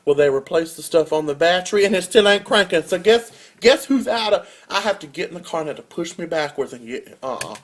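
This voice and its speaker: A young man, a college student telling a comic rant as a casual vlog with big swings in pitch and loudness. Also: brisk, few pauses, a little hiss or hum. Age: young adult. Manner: animated storytelling with wide swings in pitch and loudness.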